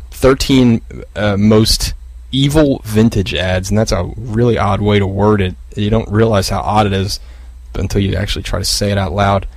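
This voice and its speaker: A man's voice: fairly low pitch, darkish tone, no echo, low-quality recording. A man hosting a solo podcast, rambling and swearing through a casual rant full of fillers and restarts. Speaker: podcast host. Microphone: podcast microphone.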